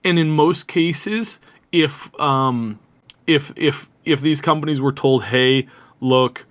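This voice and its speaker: A man's voice: on the high side, takes it slowly. A man co-hosting a gaming news podcast, talking casually with many restarts and growing indignation. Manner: rambling, frequent restarts, indignant. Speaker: podcast co-host.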